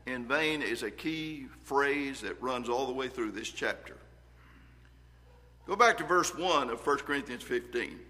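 A man's voice: medium pitch, measured pace, bright, forceful tone, in a large hall. A man preaching a sermon, reading scripture aloud with earnest emphasis and shifting volume.

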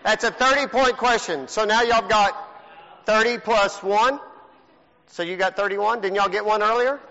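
A man's voice: sits high, steady tone, unhurried, a bit bright. A man, a pastor teasing and joking as he runs a trivia game for a congregation in a church sanctuary. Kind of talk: playful game hosting to a congregation. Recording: long hall reverb, dull lo-fi sound.

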